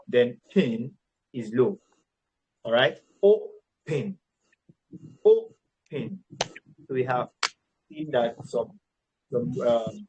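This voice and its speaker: A man teaching an online English lesson on word stress, slowly repeating words and checking in with "all right". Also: medium pitch, slight background noise, rough recording. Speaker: English tutor.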